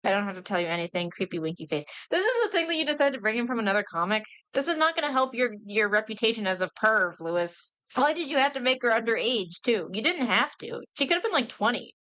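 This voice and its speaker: A woman's voice: a little high, sing-song, fast talker, few pauses, bright, forceful tone, poor audio. A young woman giving casual, sarcastic commentary, often exasperated and ranting as she reviews. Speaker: VTuber comic reviewer.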